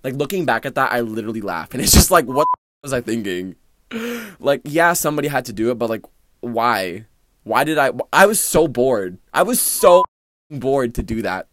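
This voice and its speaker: Here a teen boy runs his own casual solo podcast out of a tiny closet, animated and meandering, leaning heavily on fillers. His voice sits at medium pitch and moves at a normal speed, captured dry with a clean studio quality.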